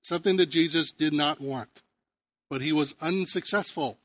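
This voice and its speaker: A pastor preaching in a conversational way, telling stories and often restarting phrases. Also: male voice, on the high side, moderate pace, fairly bright tone, dry recording. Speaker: pastor and teacher. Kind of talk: sermon.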